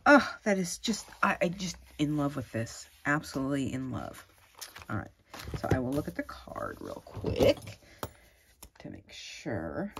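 A middle-aged woman chats through a craft-mail unboxing, gushing with excitement and wandering off into asides. Her voice sits low but swings widely in pitch. A faint hiss lies under the recording. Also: unhurried, vocal fry. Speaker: crafting vlogger. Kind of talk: casual unboxing chat.

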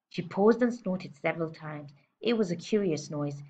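Woman teacher, storybook read-aloud, expressive, lower voice, muffled lo-fi recording. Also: moderate pace. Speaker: teacher reading to children. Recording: dull lo-fi recording.

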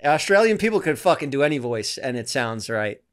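A man's voice: mid-range voice, very animated, fairly quick. A man hosting a podcast in a loose, profane, casual chat full of fillers. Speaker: podcast host.

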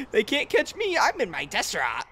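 A man hosting a live gameplay stream, excitable and joking, often yelling to his co-player. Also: sits high, creaky, slight background noise. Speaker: streamer host.

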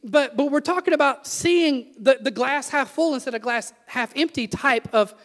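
A young adult man preaching a sermon, with animated repeated refrains and self-deprecating jokes. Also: very high voice, moderate pace, long reverb tail. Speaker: pastor. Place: church sanctuary.

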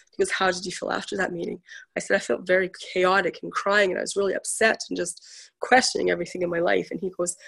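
A woman's voice: lowish voice, gravelly, husky. A woman guest, a spiritual healer, chatting casually in a talk show and retelling a conversation in a storytelling way. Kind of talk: casual chat.

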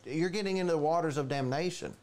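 A man preaching a conversational sermon in a church, animated and chatty, acting out quoted voices. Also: quick pace. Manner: animated, storytelling, jumps to higher pitch for quoted voices. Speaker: pastor.

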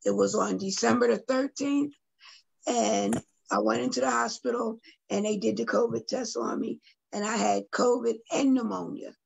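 A woman's voice: fairly high pitch, steady tone, normal speed, gravelly, slight background noise, poor audio. A middle-aged woman, a guest artist and poet, earnestly telling a personal story on a video call and speaking directly to her listeners.

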